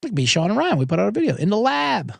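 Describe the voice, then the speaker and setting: A man's voice: high-pitched, huge pitch swings, fast talker, vocal fry, dry recording. A middle-aged man hosting a podcast, ranting in a sarcastic comedic monologue and swearing freely. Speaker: podcast host.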